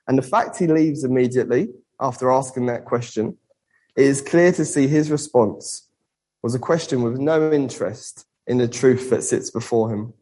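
A man preaching a sermon and reading a Bible passage, earnest, with rhetorical questions and slowing down for emphasis. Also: medium pitch, mellow, rough recording.

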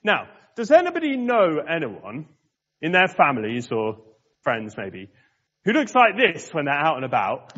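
A man preaching a sermon in a church, chatting with the congregation and slowing down to stress key words. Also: on the high side, huge pitch swings, a bit bright, no room sound, lo-fi sound. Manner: conversational, asks the congregation questions.

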